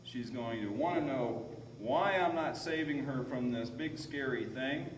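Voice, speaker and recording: Horse trainer, man, calm and coaching, heard from a distance in a roomy arena with faint noise. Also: mid-range voice, a little slow. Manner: calm, explains to viewers while soothing the horse. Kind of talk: training demonstration with commentary.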